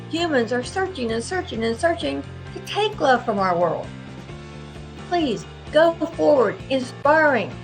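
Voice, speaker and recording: A woman speaking earnestly and emphatically to camera from a seated indoor setup, repeating her key phrases. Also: sits high. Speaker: spiritual speaker. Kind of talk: inspirational talk to camera. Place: indoors, seated in a lit room. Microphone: microphone at a camera setup.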